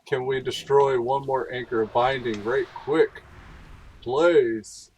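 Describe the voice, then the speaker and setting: A gaming streamer, a man with a slightly husky voice, chatting loosely as he plays. He rambles and thinks aloud in a casual, unhurried way. His pitch sits in an ordinary middle range. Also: fairly even intonation, darkish tone, low-quality recording. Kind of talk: casual gameplay commentary.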